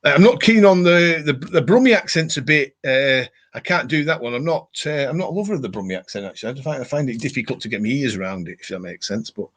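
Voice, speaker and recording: A man's voice: medium pitch, expressive, fast, hardly any pauses, fairly bright tone. Rambling man. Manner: rambling, many fillers and restarts. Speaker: live stream host. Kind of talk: casual live chat reading viewer comments.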